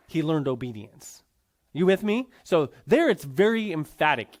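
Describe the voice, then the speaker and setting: A man's voice: on the high side, very animated, moderate pace. A man teaching a Bible class in a conversational lecture style, often checking in with his students.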